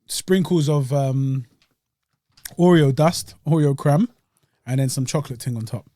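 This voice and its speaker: A man's voice: mid-range voice, unhurried, warm tone, no echo, clean studio sound. A young man, hosting a podcast and chatting casually about a dessert as he eats it. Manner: laid-back, slangy and chatty, eating while talking. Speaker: podcast host reviewing desserts. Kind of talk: casual chat.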